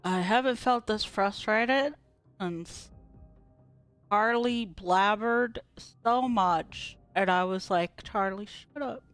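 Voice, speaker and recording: A woman's voice: mid-range voice, takes it slowly, soft background music. A young woman streaming a story game, reading its text aloud and reacting bluntly and sarcastically, with frequent swearing. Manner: blunt, sarcastic, swears freely at the game's choices.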